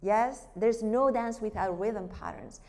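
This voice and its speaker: A woman teaching a church group about worship music, lively, asking rhetorical questions. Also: medium pitch, a little slow. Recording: long hall reverb.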